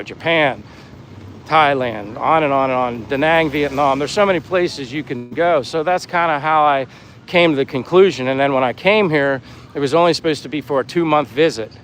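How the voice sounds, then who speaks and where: A friendly Pennsylvania man in his fifties rambles on a live stream as he walks by the sea in a town, reading viewer comments aloud. His voice is fairly high and fairly bright, and the low-quality recording picks up wind on the mic, a breeze, and faint street and boat sounds.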